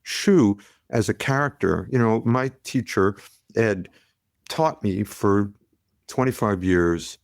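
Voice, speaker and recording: Middle-aged man, gravelly low voice, lively yarn-spinning guest, dry close mic. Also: slow, no echo. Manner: animated storyteller, acts out quotes. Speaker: podcast guest, pediatrician. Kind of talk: conversational storytelling.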